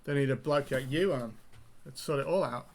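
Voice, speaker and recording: A man's voice: mid-range voice, brisk, gravelly, a little mellow. A man voicing a female agent who coaxes a witness in a chummy way. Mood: coaxing. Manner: coaxing, chummy. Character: female federal agent, coaxing and probing.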